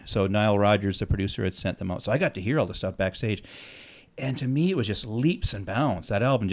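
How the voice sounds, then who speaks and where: Middle-aged man, podcast storytelling, mid-pitched voice, animated, acts out dialogue, casual swearing. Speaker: musician telling stories on his own podcast.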